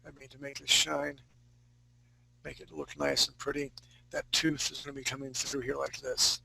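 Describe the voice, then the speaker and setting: A man's voice: mid-range voice, level tone, normal speed, gravelly, sharp tone, a little hiss or hum, low-quality recording. A man teaching a live fantasy-art drawing class, talking casually and joking with his students. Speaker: art instructor.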